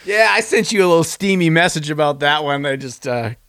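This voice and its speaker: A man from Minnesota co-hosting a hobby podcast, playful and quick to laugh, often slipping into silly voices. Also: on the high side, animated, a bit bright, smooth, no room sound, studio quality. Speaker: podcast co-host. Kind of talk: casual chat.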